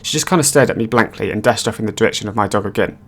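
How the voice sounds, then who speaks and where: A man giving scripted narration of online stories in a brisk, matter-of-fact reading voice. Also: lowish voice.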